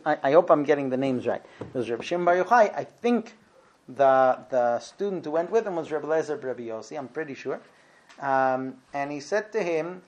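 Man retelling a Talmud story to a class. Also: a little high. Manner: halting, many ums and self-corrections, lively when quoting. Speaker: Talmud teacher.

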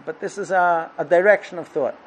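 A man teaching a Torah lesson, explaining with a parable and acting out its dialogue with animated delivery. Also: high-pitched, brisk, slight background noise, rough recording. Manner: animated, acts out dialogue in the story. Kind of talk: lecture with parable storytelling.

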